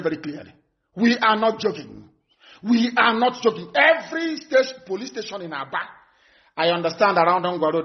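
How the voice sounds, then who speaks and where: A man, a movement leader, giving a live broadcast address in an emphatic, threatening way, repeating his warnings over and over. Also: sits high. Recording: dull lo-fi broadcast audio.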